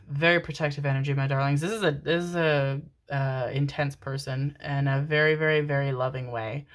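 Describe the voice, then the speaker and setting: Woman, low voice, tarot reading, affectionate, casual swearing, murmured syllables. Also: fairly even intonation, fairly quick, fairly bright tone. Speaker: tarot reader.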